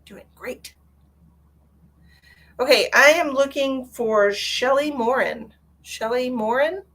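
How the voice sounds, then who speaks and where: A woman's voice: sits high, lively intonation, measured pace, a bit bright. A woman hosting a live psychic reading stream, chatting casually with viewers and calling them by pet names.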